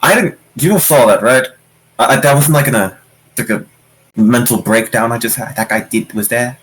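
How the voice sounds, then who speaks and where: A man voicing a squeamish, flustered young woman adventurer who rambles in halting restarts. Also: medium pitch, fairly bright tone, slight background noise, natural voice, rough recording.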